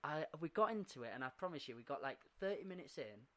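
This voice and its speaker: A man, co-hosting a casual podcast, telling animated stories, acting out quotes and laughing often. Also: on the high side, quick pace. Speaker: podcast co-host.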